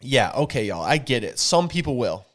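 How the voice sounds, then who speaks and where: A man's voice: medium pitch, sing-song, normal speed. A man co-hosting a podcast, talking earnestly and preaching a little to his listeners, whom he calls y'all. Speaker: podcast co-host. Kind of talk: candid podcast conversation.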